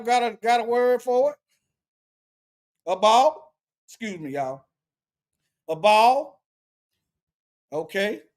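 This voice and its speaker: High-voiced man slowly studying scripture. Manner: colloquial, repeats and restarts phrases while reading from a lexicon. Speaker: Bible study teacher. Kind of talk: informal scripture study, thinking aloud.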